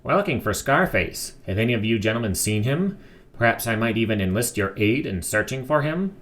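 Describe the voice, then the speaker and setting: A man's voice: medium pitch, lively intonation, a little fast, fairly bright tone, natural voice. A man voicing a mild-mannered male ventriloquist villain who speaks in prim, overly polite phrases.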